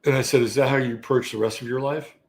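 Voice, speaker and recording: An older man in his sixties tells a story with a gravelly, worn edge, his voice at an ordinary middle pitch. He talks like a host chatting to his audience, animated and loose, with a good deal of swearing. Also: fast. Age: 60s. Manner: animated, profane, conversational. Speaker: astrology show host. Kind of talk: casual storytelling. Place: Texas.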